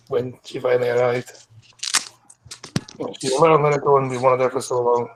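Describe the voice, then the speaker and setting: A Scottish man hosting a live stream, reading news stories aloud casually, stumbling over words and clearing his throat. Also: medium pitch, little pitch movement, fairly quick, long pauses, a little hiss or hum, rough recording.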